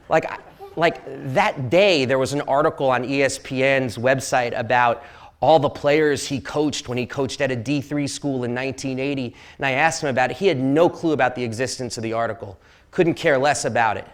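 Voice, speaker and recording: Rambling storyteller man in a lecture hall. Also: mid-range voice. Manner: rambling, jokey, with many fillers and restarts. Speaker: sportswriter giving a public talk. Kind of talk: casual storytelling talk to an audience.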